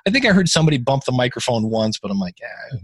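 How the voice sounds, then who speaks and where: A man's voice: mid-range voice, big pitch swings, quick pace, husky, no room sound. Rambling man giving show feedback. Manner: rambling, many fillers and restarts. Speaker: podcast co-host giving feedback. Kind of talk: casual chat.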